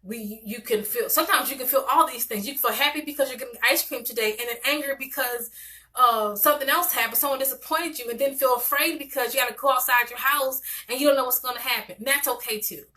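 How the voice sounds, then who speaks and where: Bright-voiced, animated woman therapist. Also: high-pitched, fast. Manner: animated and conversational, with many restarts. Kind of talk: casual teaching talk to parents.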